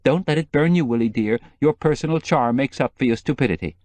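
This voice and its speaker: Teasing bantering woman, high lifted voice, storybook figure, as a man voices her, dry. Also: big pitch swings, a little fast, darkish tone, dry recording. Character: plump bantering woman who loves food.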